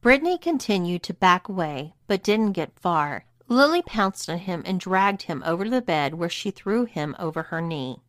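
A woman narrating an erotic story in a steady, even reading voice. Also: lowish voice, normal speed, hardly any pauses, no echo, studio quality. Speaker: story reader.

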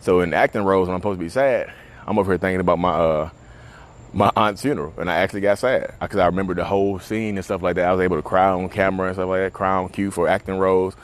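A man's voice: sits low, fairly even intonation, fast talker. A man talking casually to camera outdoors at a beach, rambling and conversational with lots of fillers. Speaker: vlogger.

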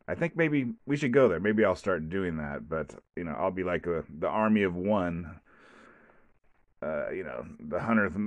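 Alone on his own podcast, a man with a low voice rambles casually through a monologue full of restarts and asides. There's no room sound in the recording.

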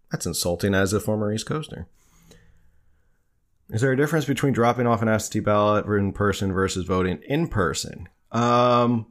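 Low-voiced man hosting a casual livestream. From New Jersey. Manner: loose, conversational, frequent fillers and restarts. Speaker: livestream host. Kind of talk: casual live-stream chat answering viewer questions.

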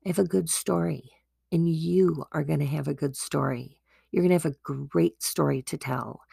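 A woman voicing a gentle, reassuring male Jesus in a retold Bible story, speaking softly and comfortingly. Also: deep voice, fairly even intonation, moderate pace, creaky, breathy edge, dry recording, studio quality, full character voice.

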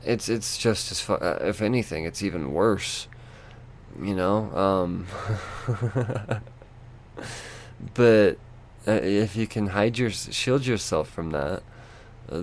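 A man hosting a solo podcast, ranting in a frustrated, profane way with lots of halting restarts. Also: lowish voice, darkish tone, a little hiss or hum. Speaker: podcast host.

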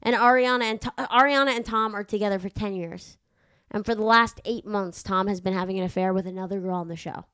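Smooth-voiced woman podcast host, rambling. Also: medium pitch, fairly quick, no echo, studio quality. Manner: animated, profane, rambling. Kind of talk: casual chat. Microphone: studio microphone.

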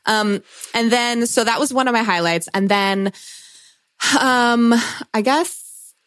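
A woman's voice: on the high side, slow pace, a bit bright, clean tone, dry recording. A woman co-hosting a podcast in casual chat, talking in a loose, rambling way full of fillers. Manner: chatty, filler-heavy and rambling. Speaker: podcast co-host.

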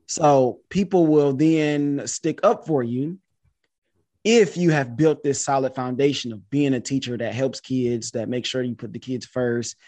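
A male podcast host talks in a relaxed, conversational way at a mid-range pitch, often tagging his points with "right?". He draws on his teaching years to frame a question for his guest. His voice sounds close and dry, with no room around it. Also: a little slow, no echo. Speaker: podcast host, former high school teacher.

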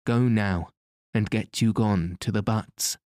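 A man's voice: fairly low pitch, steady tone, slow, a little mellow, no room sound, studio quality. A man reading as a stern, angry storybook king. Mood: commanding. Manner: archaic, commanding storybook speech.

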